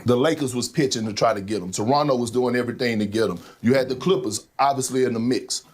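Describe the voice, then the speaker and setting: A man's voice: mid-range voice, fast, darkish tone. A man giving sports debate commentary in an emphatic way, repeating his key numbers. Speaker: sports analyst.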